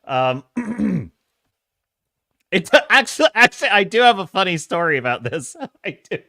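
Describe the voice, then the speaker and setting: Man, animated and sarcastic storyteller, opinionated, bright edgy tone, very lively pitch. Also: unhurried, vocal fry, no echo, studio quality. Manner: animated storytelling with frequent laughs and restarts. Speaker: live-stream podcaster. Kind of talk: casual live-stream chat.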